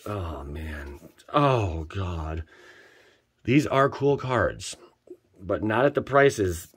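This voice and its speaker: A man casually commenting as he opens card packs for viewers, excitable and joking, jumping between loud hype and quiet muttering. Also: on the low side. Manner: slangy, joking, teasing. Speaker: channel host opening card packs for viewers.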